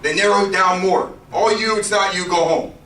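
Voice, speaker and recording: Animated man preaching to youth. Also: sits high, normal speed, roomy sound, recorded from a distance, a little hiss or hum, rough recording. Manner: animated storytelling with playful character voices. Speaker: youth pastor. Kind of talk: youth sermon.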